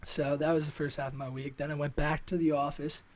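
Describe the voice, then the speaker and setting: A man's voice: a little high, level tone, fairly quick. A young man, a stand-up comedian co-hosting a podcast, telling a casual story with lots of swearing and fillers. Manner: rambling, profane, filler-heavy.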